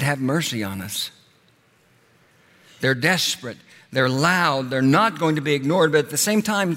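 A male pastor preaching a sermon, rising to loud passionate peaks and then dropping soft and slow. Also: on the high side, big-room sound.

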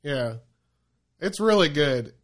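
A man's voice: on the high side, animated, takes it slowly. A man hosting a podcast in casual, rambling banter, laughing and swearing often. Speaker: podcast host.

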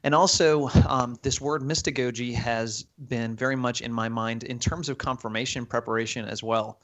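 A man's voice: medium pitch, fairly even intonation, moderate pace, a bit bright. A man co-hosting a podcast over a video call, easygoing with dry jokes. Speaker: podcast co-host, youth minister.

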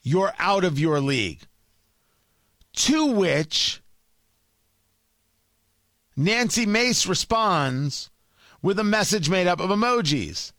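A man's voice: high-pitched, animated, slow, pauses often, fairly bright tone, no echo, studio quality. A man hosting a political talk show, delivering emphatic, scolding commentary with open exasperation. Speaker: radio talk host.

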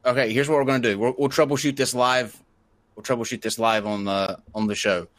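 A man's voice: medium pitch, steady tone, quick pace, fairly bright tone, dry recording. A man hosting a live online show, giving step-by-step instructions and joking along the way. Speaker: host.

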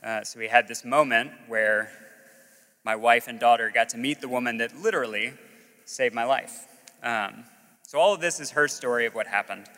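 A young man who works as a school chaplain on the Alabama Gulf Coast tells an audience a personal story, speaking frankly, poking fun at himself and saying "uh" often. His mid-range voice is bright and forceful at a moderate pace, with big-room sound.

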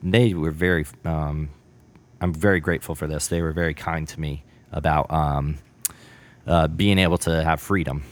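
A man's voice: extremely low pitch, fairly even intonation, moderate pace. A man brewer telling a story in a casual interview, rambling with many fillers and acting out bits of dialogue.

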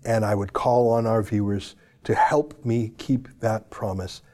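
Brief: male host, dark mellow tone, fervent and pleading, drops to a hush at times. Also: on the low side, fairly even intonation, a little slow. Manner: emotional, pleading, swings from loud to hushed. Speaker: show host. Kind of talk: impassioned commentary.

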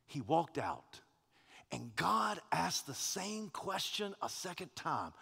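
A male pastor preaching a sermon, swinging from hushed whispers to loud, passionate declarations. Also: high-pitched, sing-song, moderate pace, vocal fry, big-room sound.

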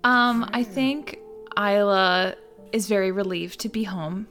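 Relaxed woman role-play player. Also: medium pitch, takes it slowly, soft background music. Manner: relaxed and hesitant, with ums. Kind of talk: casual tabletop role-play.

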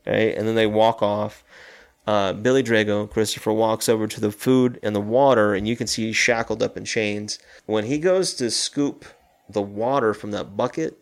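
A man's voice: on the low side, fairly even intonation, moderate pace. A man co-hosting a casual film talk, retelling a horror movie scene by scene and acting out its lines. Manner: loose retelling, acts out quoted lines. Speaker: podcast co-host.

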